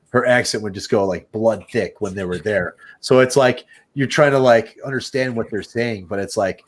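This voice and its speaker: Midwestern American male podcast host, lowish voice, casual rambling talker who swears. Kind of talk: casual chat.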